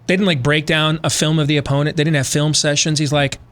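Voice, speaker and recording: A man's voice: a little high, level tone, quick pace, fairly bright tone. A man hosting a talk radio show, talking through a conversational monologue full of rhetorical questions, then reading an ad.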